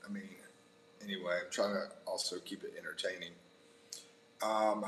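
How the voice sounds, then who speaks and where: An American man hosts a relaxed livestream in a low voice, joking with his viewers and reading their comments aloud. He laughs often and calls everyone bro. A faint hum of the room sits underneath. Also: low-quality recording. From United States. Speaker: livestream host. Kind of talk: casual live chat reading viewer comments.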